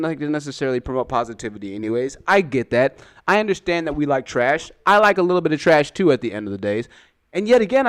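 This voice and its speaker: Rambling, candid male commentator. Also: a little high. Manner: rambling, repeats himself, candid. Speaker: YouTube commentator. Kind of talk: reaction video commentary.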